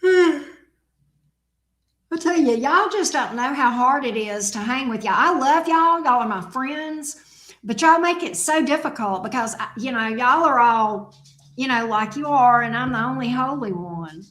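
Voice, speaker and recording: A woman's voice: a little high, lively intonation, unhurried, fairly bright tone. A woman who hosts a tarot channel. She chats casually and teasingly with viewers and her dog. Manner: playful, teasing, joking. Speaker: tarot reader, channel host. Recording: echoey room.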